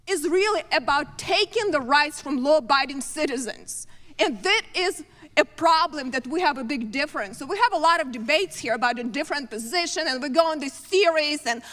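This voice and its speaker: An immigrant woman with a foreign accent giving an earnest, halting floor speech in a legislative chamber. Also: sits high, fairly bright tone. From abroad. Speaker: congresswoman. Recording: long reverb of a large chamber.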